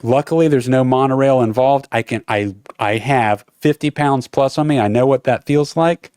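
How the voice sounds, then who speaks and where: A man co-hosting a podcast, telling a story in casual chat with an animated manner and some swearing. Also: mid-range voice, moderate pace, clean tone, no echo, clean studio sound. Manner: animated, swearing, breathless retelling. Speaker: podcast co-host.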